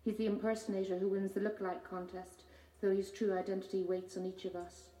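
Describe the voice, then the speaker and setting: A woman, a poet giving a measured reading of her own poems with hesitant spoken asides between them. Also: medium pitch, level tone, mellow. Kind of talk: poetry reading. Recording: roomy hall from far off.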